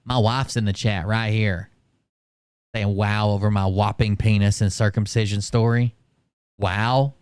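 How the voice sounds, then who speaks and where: A man chatting on a live stream in a smooth, clear voice. His commentary is crude and meandering, peppered with profanity. The sound is dry and close to the mic. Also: on the low side, flat delivery, measured pace, darkish tone, no room sound. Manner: crude, rambling anecdotes with profanity. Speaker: streamer reacting to videos.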